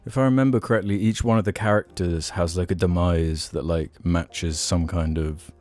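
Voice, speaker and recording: A man's voice: low voice, fairly even intonation, moderate pace, a little mellow. A man hosting a casual podcast, chatting and joking with his friends in a laid-back way. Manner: laid-back, jokey banter. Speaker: podcast host. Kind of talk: casual chat among friends.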